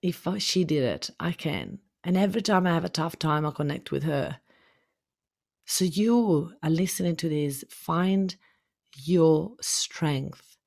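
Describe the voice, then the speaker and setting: Low-voiced impassioned woman coach. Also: lively intonation, slow pace, gravelly, a little mellow. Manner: impassioned, repetitive. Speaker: business coach. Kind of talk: motivational podcast talk.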